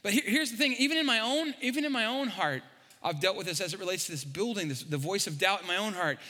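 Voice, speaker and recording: A man preaching a sermon as pastor, animated and jokey, stumbling and repeating words. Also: high-pitched, fast. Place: large church hall. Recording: long hall reverb.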